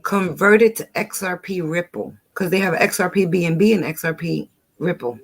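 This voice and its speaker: An older woman from New York with a New York accent, chatting casually as a guest, talking fast and playfully and laughing often. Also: fairly low pitch, breathy edge. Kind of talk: casual chat.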